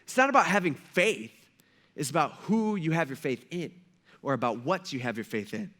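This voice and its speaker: High-voiced casual man preaching. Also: sing-song, moderate pace, a bit bright. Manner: conversational, slangy, acts out quoted voices. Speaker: pastor. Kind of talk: casual sermon. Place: church.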